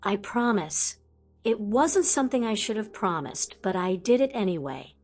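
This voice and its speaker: A woman narrating a first-person audiobook in a soft, measured way. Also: medium pitch, big pitch swings, soft background music.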